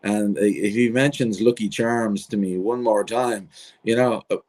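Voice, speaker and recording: A man's voice: on the low side, moderate pace, darkish tone. A man with an Irish accent, a guest hypnotist chatting on a podcast, rambling through anecdotes with restarts and chuckles. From Ireland. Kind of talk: casual podcast chat.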